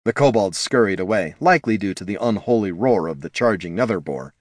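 A man narrating a fantasy audiobook in a measured storytelling manner. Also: lowish voice, expressive, no room sound, studio quality. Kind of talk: scripted narration.

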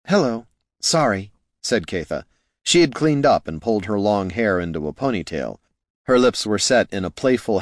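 A man narrating a fantasy audiobook in a wry, expressive storytelling manner. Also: fairly low pitch, dry recording, clean studio sound.

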